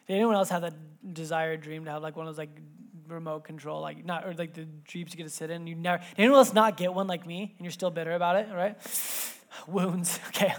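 A man in his thirties preaching a sermon in a church, telling a family story with lively swings between loud bursts and hushed moments. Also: on the high side, a little fast, hardly any pauses. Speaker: pastor. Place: church sanctuary.

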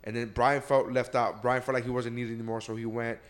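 A young man chatting casually with friends, swearing often and getting excited as he retells cartoon scenes. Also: mid-range voice, brisk. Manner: excitable, swearing, laughing storyteller. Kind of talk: casual podcast chat.

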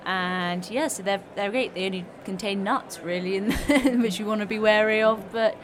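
Friendly woman talking about her food business, kind of halting, a little noise around. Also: mid-range voice. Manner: friendly, halting with fillers, laughs easily. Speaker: guest, small food business founder. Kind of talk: casual interview answers. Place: trade show hall.

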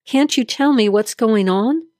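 A woman's voice: fairly high pitch, a little slow, a little mellow, no echo, clean studio sound, lightly acted. A woman voicing a frantic mother at a hospital in an audio drama reading, urgent and pleading. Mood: anxious.

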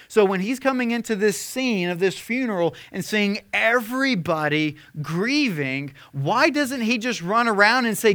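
A young man preaching a sermon as a pastor, conversational with fillers, swinging from impassioned emphasis to hushed tenderness. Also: high-pitched, lively intonation, normal speed. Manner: earnest, rising to impassioned emphasis then hushed.

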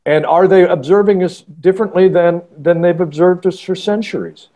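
A man, an author guest on a podcast, telling a story in a halting, earnest way with many restarts. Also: high-pitched, dark tone. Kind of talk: casual podcast interview storytelling.

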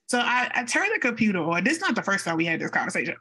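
Bright, lively woman podcast co-host. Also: medium pitch, very fast, husky. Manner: lively, playful, talks straight to listeners. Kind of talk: casual chat, animated storytelling.

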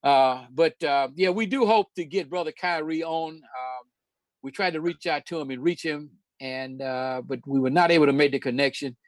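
An older man hosts a relaxed talk, looping back through stories with restarts and easy laughter. His voice sits a little high for a man. The sound is dry and close. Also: moderate pace, no room sound. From Charlotte, North Carolina, USA. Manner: storytelling, hesitant with many restarts, laughs often. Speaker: host. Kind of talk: casual history talk.

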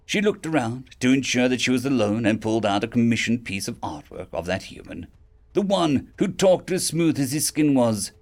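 A man reading a fantasy web novel aloud as an audiobook narrator, expressive and quick to shift into character voices. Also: mid-range voice.

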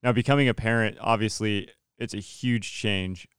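A man hosting a podcast interview, talking in a relaxed, casual way and agreeing often. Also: lowish voice, moderate pace, clean tone, dry recording, studio quality. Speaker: podcast host.

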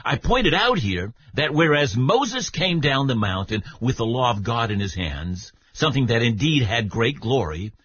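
A man giving a Bible teaching for radio, explaining in a measured way and speaking directly to his listener. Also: mid-range voice, big pitch swings, fairly bright tone, breathy edge, muffled recording.

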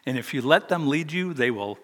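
A man's voice: medium pitch, expressive, fairly quick, big-room sound. An older man preaching a sermon, telling a personal story in a chatty, self-deprecating way. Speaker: pastor.

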